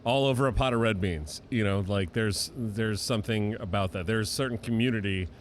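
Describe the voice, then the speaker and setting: Male host, lowish voice, casual, supportive interjector. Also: a little hiss or hum. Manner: quick interjections and affirmations.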